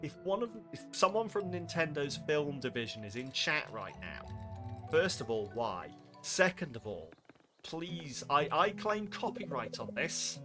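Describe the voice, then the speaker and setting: Streaming a farming game to the sound of game music, a young man talks with his viewers in a slightly high, sing-song, unhurried voice. His casual chat rambles and pokes fun at himself.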